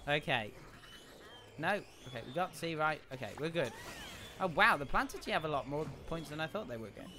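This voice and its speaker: An excitable man chatting through a live game session in a slightly high, lively voice. He mutters sing-song to himself between his comments. Game sounds play clearly behind him through a desk mic. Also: brisk, background noise. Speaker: gaming livestreamer. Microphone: desk mic, no headset.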